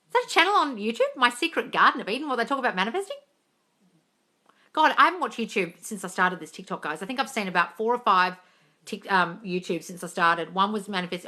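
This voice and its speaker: A woman runs a casual live Q&A as a coach, her voice bright and forward. She answers bluntly, swears freely and calls her viewers darling. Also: medium pitch.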